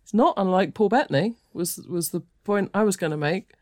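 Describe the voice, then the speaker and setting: A woman, chatting frankly and quick to laugh as a podcast host. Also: medium pitch, a little mellow. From England. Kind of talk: casual chat.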